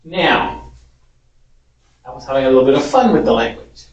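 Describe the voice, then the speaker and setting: A man's voice: medium pitch, big pitch swings, normal speed, highs cut off. A man, a Spanish teacher, giving a chatty, amused informal lecture. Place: large echoey parish hall. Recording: echoey hall, distant mic.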